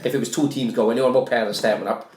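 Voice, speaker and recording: A man's voice: mid-range voice, fairly even intonation, rapid-fire, a little mellow, echoey room. A Welsh man co-hosting a podcast, telling rambling stories in casual banter and swearing freely. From Wales. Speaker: podcast co-host.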